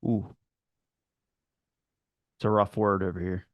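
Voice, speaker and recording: A man's voice: deep voice, level tone, slow pace, no room sound. Chatty man with a Baltimore accent. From Maryland, United States. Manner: chatty, curious, rambling. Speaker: podcast host. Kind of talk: casual chat.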